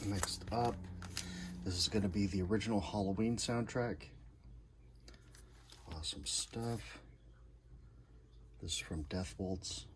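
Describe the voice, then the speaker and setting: Pausing often and speaking slowly in a voice on the low side, a man gives a casual show-and-tell of his records. His comments are brief, relaxed, repetitive and enthusiastic, with noticeable noise in the background.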